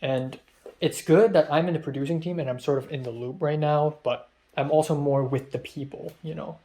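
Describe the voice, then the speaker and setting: A man's voice: on the high side, steady tone, normal speed, warm tone. A young man who is a film student, talking in a rambling, filler-heavy vlog monologue and sounding stressed.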